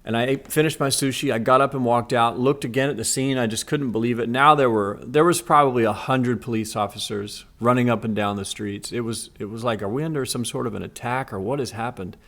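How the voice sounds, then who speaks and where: A man vlogging, earnestly retelling a frightening day to his viewers in a casual, animated way. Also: mid-range voice, a little fast, few pauses. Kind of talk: casual storytelling to camera. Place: Los Angeles area.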